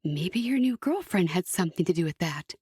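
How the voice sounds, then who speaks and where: Woman reading gentle widower guy, slight accent, warm low caring tone. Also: expressive, a little fast, breathy edge, no echo, clean studio sound. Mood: concerned. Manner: anxious turning warm and low.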